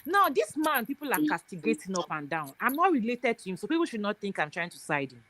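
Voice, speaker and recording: A woman's voice: medium pitch, very animated, quick pace, fairly bright tone, no room sound. A woman from Nigeria, calling in to a live show and explaining her view while checking that the listener understands. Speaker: caller. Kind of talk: call-in commentary.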